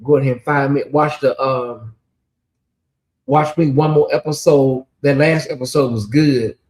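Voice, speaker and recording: Speaking at an unhurried pace with a steady tone and medium pitch, a channel host riffs sassily on a TV show live. Viewer names get read aloud, punctuated by loud outbursts.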